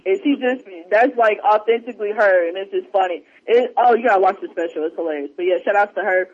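A man on a podcast in casual chat, telling stories with lots of energy and acting out what people said. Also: quick pace. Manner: animated storyteller, acts out quotes in a higher voice. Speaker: podcast co-host. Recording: dull lo-fi sound.

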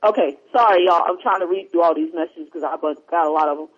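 Man, talk show host, rambling casual chat, husky high voice, dull lo-fi line. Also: fast talker. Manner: rambling, distracted, loose. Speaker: podcast host. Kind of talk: casual chat, reading listener emails. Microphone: headphones, remote line. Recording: dull lo-fi sound.

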